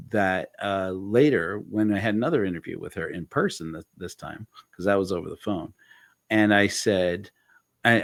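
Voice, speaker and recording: A man's voice: fairly low pitch, no echo, studio quality. A man hosting a podcast, telling a story in casual conversation with lots of fillers and restarts. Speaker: podcast host.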